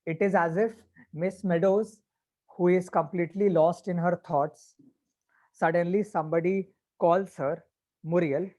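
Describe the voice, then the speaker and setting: A man explaining a story to a class as their teacher, patiently and with pauses. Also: high-pitched, steady tone, dark tone. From India.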